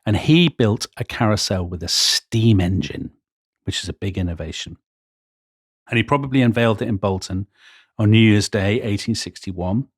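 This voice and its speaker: A man's voice: lowish voice, moderate pace, slightly rough, dry recording, studio quality. A man, co-hosting a history podcast, telling stories with enthusiasm and quoting old accounts with gusto. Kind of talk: storytelling history chat.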